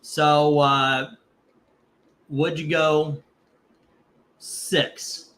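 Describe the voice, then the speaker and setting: A man hosting a casual live comic book auction. He rambles between lot calls, curses freely and gets heated before calming himself down. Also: on the high side, drawn-out words. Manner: rambling, cursing, gets heated over politics then calms down.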